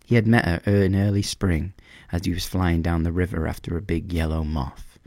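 A man narrating a storybook in a measured, expressive reading voice. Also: low-pitched, dry recording, studio quality.

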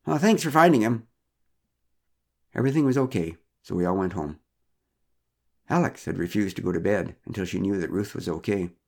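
A man's voice: deep voice, fairly quick, gravelly, mellow. A man narrating a personal story with wry, dry humor.

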